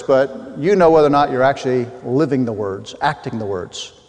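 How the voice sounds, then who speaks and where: A man's voice: fairly high pitch, darkish tone. A man preaching a sermon earnestly, reading old scripture aloud with frequent restarts. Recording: long hall reverb.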